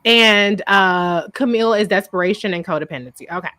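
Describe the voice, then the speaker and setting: Bright-voiced woman hosting a casual recap. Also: mid-range voice, fairly quick. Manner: blunt, profane, laughs often. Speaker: host. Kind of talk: casual live recap chat.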